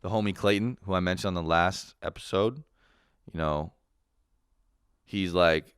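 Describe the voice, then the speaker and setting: Young man, podcast host, deep voice, dry sound, profane, laughing, mocking. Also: fairly even intonation, normal speed, clear, resonant tone, no echo. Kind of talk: casual solo podcast rant.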